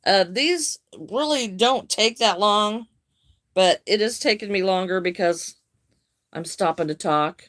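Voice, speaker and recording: Older woman, crafts live-streamer, slow, easy chat; mid-pitched, homey tone. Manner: unhurried, friendly, greets viewers by name. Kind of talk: casual live-stream chat answering viewer comments.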